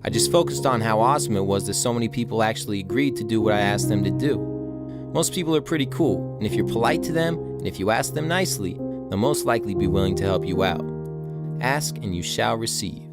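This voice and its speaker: Man, earnest reflective voice-over narrator, loud guitar music under. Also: fairly low pitch, fast. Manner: earnest, calm, upbeat. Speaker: filmmaker narrating.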